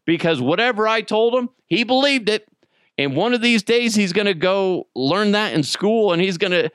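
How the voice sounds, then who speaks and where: A man's voice: high-pitched, animated, moderate pace, fairly bright tone, clear, resonant tone, dry recording, clean studio sound. A man in his thirties hosting a podcast, telling a story in a loose, casual way with plenty of swearing. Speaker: podcast host.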